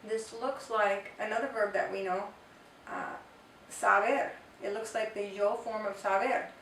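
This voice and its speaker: A woman teaching a grammar lesson, explaining step by step and repeating example phrases slowly. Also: medium pitch, fairly even intonation, fairly bright tone, a little hiss or hum. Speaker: Spanish teacher. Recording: echoey room, voice from far off.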